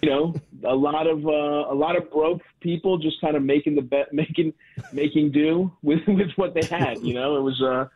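A Baltimore comedian calls in for a casual phone interview, his voice on the high side, steady, and at normal speed. He rambles and pokes fun at himself, full of fillers and restarts, over a tinny phone line.

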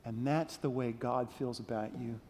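A man giving a playful children's sermon, telling a story gently and asking the kids questions. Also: mid-range voice, fairly even intonation, moderate pace, a little hiss or hum. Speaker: pastor leading a children's message. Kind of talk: children's sermon with call-and-response. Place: large church sanctuary. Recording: long reverb of a big sanctuary.

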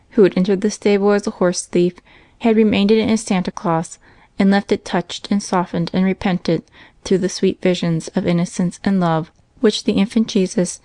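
A woman narrating a classic children's Christmas story in a calm, measured way. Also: mid-range voice, no echo. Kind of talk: scripted narration.

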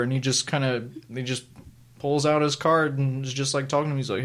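A man's voice: mid-range voice, a little fast. A man in casual podcast chat, full of energy and jokes. He keeps slipping into playful voices to act out comic panels, then drops back into an easy, ordinary middle register. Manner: animated, acts out comic scenes in funny voices. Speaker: podcast co-host.

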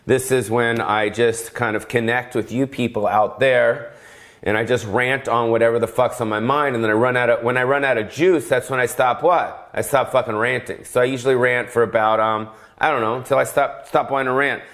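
A man's voice: mid-range voice, fairly even intonation, fairly bright tone. A man hosting his own podcast, ranting in a rambling, goofy, profane comedic monologue full of stammers. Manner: drawn-out stammers and repeated filler sounds. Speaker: podcast host. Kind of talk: solo comedic rant.

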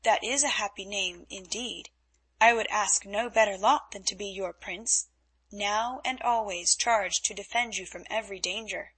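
A woman's voice: mid-range voice, moderate pace, bright, forceful tone, slightly rough, rough recording. A woman voicing a vain young nobleman who talks in a pompous, languid way. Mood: tender.

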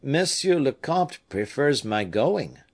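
A man's voice: mid-range voice, sing-song, takes it slowly, voice pushed up, heavily acted. A man voicing a loyal old manservant who answers in short, clipped phrases. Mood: devoted. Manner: terse, clipped replies. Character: old loyal male servant, terse and devoted.

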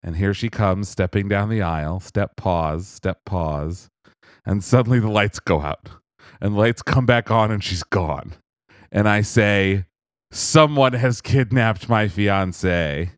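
A low-voiced young man chats on a podcast, telling a story in an animated and self-amused way. His voice is smooth and clear. It is recorded close and dry, with no room sound. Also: measured pace, no echo. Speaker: podcast co-host. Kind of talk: casual chat.

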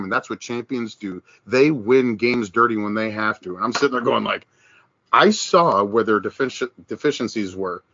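Animated man riffing on football. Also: mid-range voice, moderate pace, no room sound, highs cut off. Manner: animated, mocking put-on voices when quoting others, many restarts. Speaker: podcast co-host. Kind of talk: casual sports chat.

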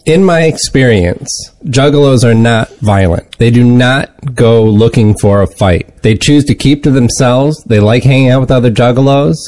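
A man co-hosting a podcast who makes his points in a measured, step-by-step way. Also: mid-range voice, a little mellow. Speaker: podcast co-host. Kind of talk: casual chat.

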